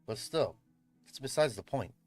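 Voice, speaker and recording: This livestreamer and event host talks casually from his home room into a streaming mic, soft music playing behind him. His mid-range voice is a little mellow with lively intonation and a moderate pace, and he rambles, swears, and laughs frequently.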